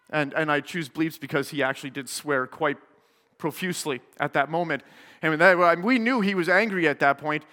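A pastor tells a story from the pulpit in a high, bright voice and acts out its people as he goes. Long reverb from the church hall hangs on every word. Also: normal speed. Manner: animated, acts out the people in his stories. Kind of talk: sermon with storytelling.

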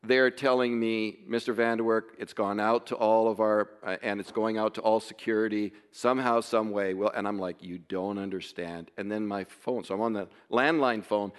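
A man telling a family story in a casual way, emotional and halting, with many restarts. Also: fairly low pitch, flat delivery, clean tone, in a large hall.

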